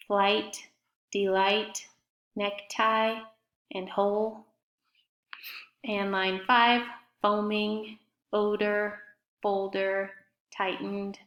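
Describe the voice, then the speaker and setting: A woman's voice: mid-range voice, dull audio. A woman teaching a fifth grade class in a recorded remote lesson, speaking patiently and spelling out words letter by letter. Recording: echoey room.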